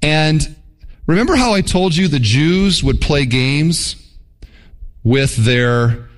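A pastor delivers a sermon with a lively, swinging delivery. His voice sits a little high for a man. He drops into brief mock voices to illustrate his points. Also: slow.

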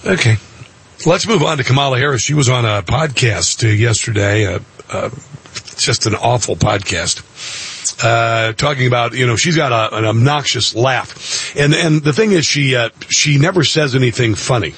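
A man's voice: mid-range voice, moderate pace, a bit bright, husky. A man hosting a radio commentary show, mocking and sarcastic, with lots of filler sounds.

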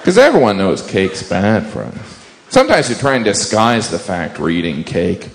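A man's voice: on the low side, very animated, normal speed, hardly any pauses, reverberant. A man doing observational stand-up on stage, with a punchy delivery. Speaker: stand-up comedian. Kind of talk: stand-up routine. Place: comedy club stage. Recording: live recording with background noise.

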